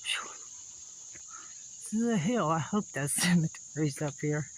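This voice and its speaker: Gasping as he hikes up a wooded hillside, a man who vlogs about old sites gives casual, folksy narration to his camera, laughing along the way. He sounds a little high and expressive, keeping a measured pace. Insects and crickets chirp behind him on a rough recording with slight background noise.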